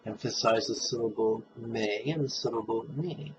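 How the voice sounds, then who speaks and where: A man leading a guided meditation, speaking calmly and drawing out his recitations. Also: medium pitch. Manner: slow, calm, drawn-out recitation. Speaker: meditation teacher. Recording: dull lo-fi sound with faint noise.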